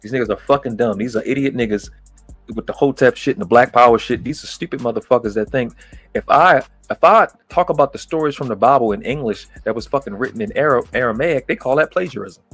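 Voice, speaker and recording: A man's voice: medium pitch, fast, a bit bright, husky, faint music behind. A man hosting a livestream, ranting angrily and mocking his critics with heavy profanity. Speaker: livestream host. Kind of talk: angry ranting monologue.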